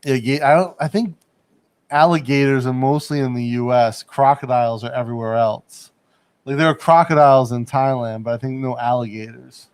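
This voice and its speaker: A man's voice: medium pitch, fairly even intonation, moderate pace, a little mellow, clean tone. A man hosting a casual livestream chat from a studio in Bangkok. He rambles, laughs often and hedges his points. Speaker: livestream host.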